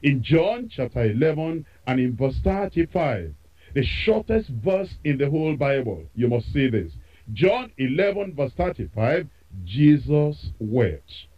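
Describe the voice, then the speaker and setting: A man's voice: medium pitch, sing-song, unhurried. Man preaching a sermon on the radio, voice rising and falling a lot, kinda dull lo-fi sound. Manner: emphatic, repeats phrases for effect.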